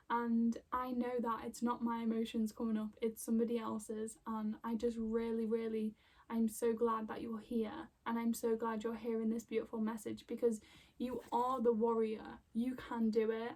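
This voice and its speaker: Woman doing a casual card reading, kinda high flat voice, full of ums and likes, heartfelt. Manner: rambling, full of fillers and restarts; heartfelt, openly emotional. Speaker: intuitive card reader. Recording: voice a bit far from the mic.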